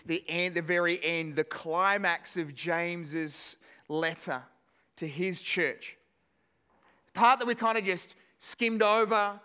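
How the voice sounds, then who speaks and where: A man preaching a sermon to his church, animated and self-deprecating, often repeating words as he works through a thought. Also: fairly high pitch, clean tone. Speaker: pastor. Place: church service.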